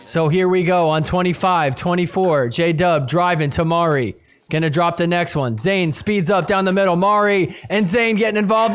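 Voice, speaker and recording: A man hosting a podcast, giving excitable play-by-play commentary over match footage and shouting at the big points. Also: high-pitched, normal speed, smooth. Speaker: podcast host.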